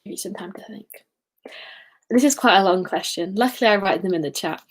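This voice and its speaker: A woman's voice: medium pitch, fairly quick. A woman hosting a casual live-stream quiz, chatty and giggly, sometimes singing short snippets. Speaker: quiz host.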